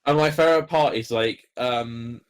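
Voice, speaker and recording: A man, a podcast co-host telling stories in casual chat, halting and full of fillers. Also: medium pitch, clear, resonant tone. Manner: rambling, halting storyteller with many fillers.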